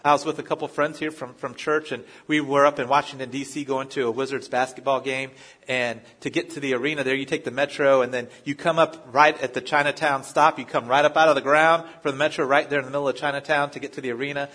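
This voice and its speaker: A male pastor preaching a sermon with a slightly husky voice. He speaks in a conversational style, telling personal stories. He often restarts his phrases as he goes. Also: medium pitch, steady tone, fast talker, fairly bright tone. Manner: conversational, story-driven preaching with frequent restarts.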